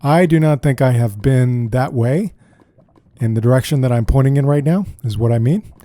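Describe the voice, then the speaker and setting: Mellow-voiced man narrating his gameplay. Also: mid-range voice, moderate pace. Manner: chatty, thinks aloud, often says "dude". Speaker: gameplay commentator. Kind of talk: casual let's-play commentary.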